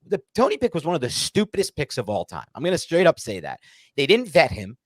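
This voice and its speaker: A stressed man co-hosting a sports podcast, ranting heatedly and swinging between loud outbursts and muttered calm. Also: fairly high pitch, fast talker, no room sound. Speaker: podcast co-host. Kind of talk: casual sports podcast rant.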